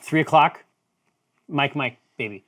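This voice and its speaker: A man's voice: on the high side, a little slow, fairly bright tone. A man hosting a casual live stream, talking in a playful, rambling way with many restarts. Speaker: host.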